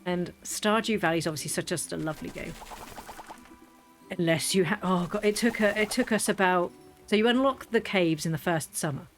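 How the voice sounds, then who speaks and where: A woman's voice: lowish voice, a little fast. Woman, 30s, casual gameplay chat, laughs a lot, faint background music. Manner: chatty storyteller, laughs often. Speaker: streamer.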